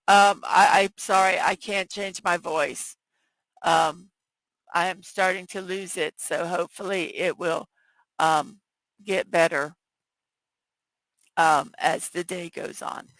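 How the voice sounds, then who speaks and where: A woman with a scratchy, hoarse voice hosts a casual morning livestream, reading viewers' chat messages aloud and talking unhurriedly. Her tone is bright, and the sound is dry and close, picked up by a headphone mic. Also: lowish voice, dry recording. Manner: reads viewer chat aloud, chatty and apologetic. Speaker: morning show host.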